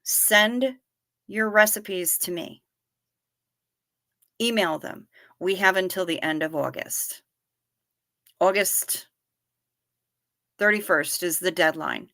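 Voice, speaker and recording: On her casual livestream, a U.S. woman reads comments from viewers and answers them with blunt, salty jabs, always ready to tease. Her voice is lowish, bright, and forceful, recorded in studio quality with no echo.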